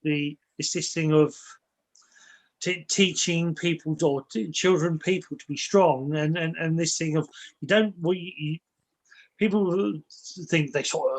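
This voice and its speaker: A man's voice: on the high side, moderate pace, low-quality recording. A man speaking as a guest in a casual interview, reflective and rambling, often repeating words and restarting his sentences as he explains ideas through personal stories. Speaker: guest, spiritual and martial arts teacher.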